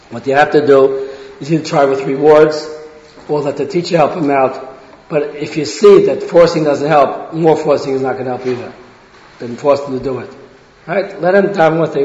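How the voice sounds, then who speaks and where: Earnest man lecturing in an echoey hall. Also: on the high side. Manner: earnest, repeats and restarts phrases, acts out quoted speech. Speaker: religious lecturer. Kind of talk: talk on parenting to an audience. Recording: roomy hall, dull lo-fi sound.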